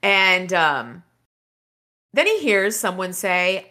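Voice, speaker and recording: A woman's voice: mid-range voice, lively intonation, a little slow, pushed and bright. A woman podcast host casually retelling a novel's chapters, rambling with fillers and restarts. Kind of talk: casual book recap.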